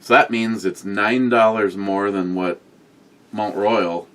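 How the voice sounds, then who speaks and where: A man's voice: on the low side, steady tone, takes it slowly, a bit bright. A man co-hosting a casual talk show, chatting and joking with a friend. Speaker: co-host. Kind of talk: casual chat.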